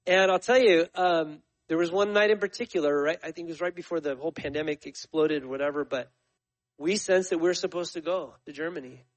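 A man's voice: a little high, brisk, low-quality recording. A man in his forties, a missionary speaking to his church in a conversational, storytelling sermon full of fillers and restarts. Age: 40s. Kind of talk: sermon testimony.

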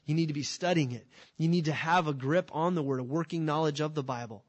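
A man preaching with emphatic energy and a slightly high voice. He keeps firing rhetorical questions at his listeners. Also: fast talker. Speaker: pastor. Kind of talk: sermon.

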